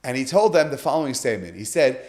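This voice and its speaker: A man's voice: mid-range voice, sing-song, fast, a little mellow. A man on a podcast, telling a story with animation and acting out the quoted dialogue. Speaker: guest speaker.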